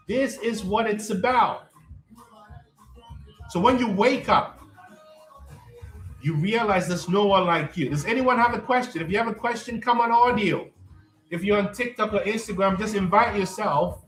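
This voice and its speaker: A high-voiced man speaks like a preacher on a live stream, repeating his catchphrases and calling viewers in to ask questions. His voice echoes in a roomy space, with faint music underneath. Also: fairly bright tone. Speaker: life coach hosting a live stream.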